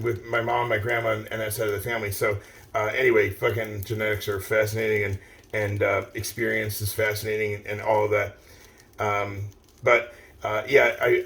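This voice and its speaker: Gravelly-voiced rambling middle-aged man. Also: fairly low pitch, fairly bright tone. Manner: rambling, heavy swearing, many fillers and restarts. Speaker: vlogger. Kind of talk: casual rambling monologue. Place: outdoors, standing still.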